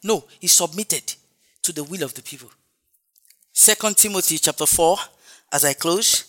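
A man preaching with a high voice and a bright, forceful tone. He drives his points home through repetition and exclamations, in a full sermon cadence. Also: moderate pace, long pauses. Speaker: pastor.

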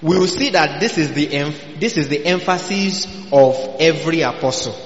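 A man's voice: a little high, moderate pace. A man preaching a sermon. He asks the listeners questions and answers them himself, and he keeps breaking in with hallelujahs. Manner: call-and-response questions, frequent hallelujahs. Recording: echoey hall, dull lo-fi sound.

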